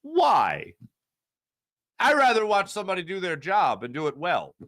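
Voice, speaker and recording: A man hosting a sports talk show, ranting with strong opinions and swinging between low grumbles and loud outbursts. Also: very animated, fast talker, dry recording, studio quality. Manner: mocking put-on fan voice at times. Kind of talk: opinionated sports radio rant.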